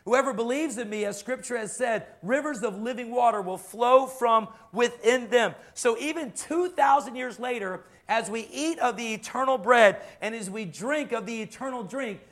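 Male pastor, high voice, preaching with fervor and repetition. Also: normal speed, few pauses, a bit bright. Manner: impassioned, repeats phrases for emphasis. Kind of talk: sermon.

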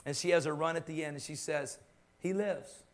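A man's voice: fairly high pitch, little pitch movement, quick pace. A man preaching a sermon to his congregation, impassioned and fond of repeating phrases for emphasis. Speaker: pastor.

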